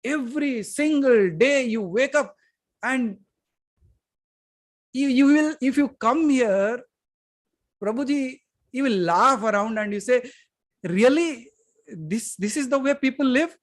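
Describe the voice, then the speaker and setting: A man with an Indian English accent giving a spiritual satsang talk, emphatic, moving from loud to hushed and putting questions straight to his listeners. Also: extremely high pitch, slow pace, pauses often. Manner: addresses listeners directly with questions. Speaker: spiritual teacher. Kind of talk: satsang talk to a live audience.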